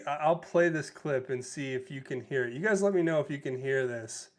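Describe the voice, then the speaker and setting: A man's voice: mid-range voice, a little slow. A man hosting a livestream, commenting on clips with sarcastic, chuckling asides. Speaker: livestream host.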